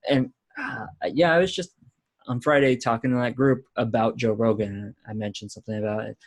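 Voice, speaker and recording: A man's voice: mid-range voice, fairly even intonation, a little fast. A man hosting a podcast in easygoing talk, often giving short agreeing replies. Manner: easygoing, many short backchannels. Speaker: podcast host. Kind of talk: casual podcast conversation.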